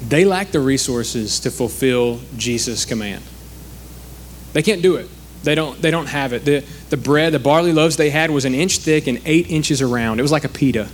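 A man's voice: medium pitch, slight background noise. A man preaching a sermon in a conversational way, acting out the quoted speakers.

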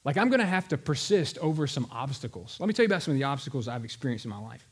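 A man preaching a sermon in a conversational, animated storytelling manner. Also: mid-range voice, very fast, breathy edge. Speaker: pastor.

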